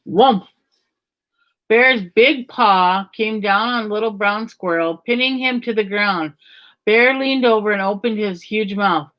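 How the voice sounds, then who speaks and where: A woman reads a children's story aloud in a mid-pitched voice. She keeps a gentle, even storytelling pace. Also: slow, dull audio.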